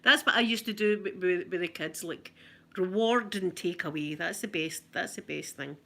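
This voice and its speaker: A middle-aged Scottish woman tells rambling, giggly anecdotes in a casual ASMR chat. Her voice is bright and forward, with a lively, chatty delivery. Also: fairly low pitch, normal speed, creaky. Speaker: ASMR vlogger.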